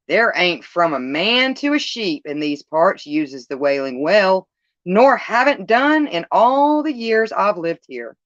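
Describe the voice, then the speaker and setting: A woman's voice: mid-range voice, big pitch swings, slow, no room sound, highs cut off. A woman voicing a grave old male shepherd with rustic country speech and solemn warnings, in a storybook reading. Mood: folksy.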